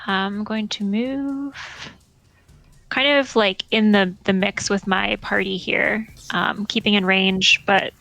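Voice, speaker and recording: A woman's voice: medium pitch, fairly even intonation, takes it slowly, creaky, bright, forceful tone, low-quality recording. A woman player thoughtfully describing her character's turn, with frequent ums.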